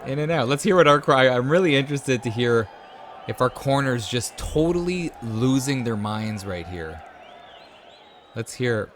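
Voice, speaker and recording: Excitable man commentating a boxing game. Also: medium pitch, unhurried, a crowd in the background. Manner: excitable, cheers at the screen, drops to a hushed voice when tense. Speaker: host. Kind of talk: let's-play game commentary.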